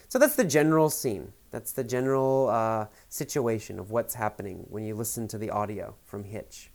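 A man teaches English by retelling a film scene for learners. He keeps rephrasing each point in simpler words, pausing on hesitant fillers. His voice sits at an ordinary middle pitch. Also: smooth.

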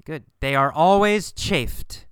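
Slow, clear-voiced male English teacher. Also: on the high side, a bit bright, dry recording, clean studio sound. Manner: slow, deliberate, repetitive questioning. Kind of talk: English pronunciation lesson.

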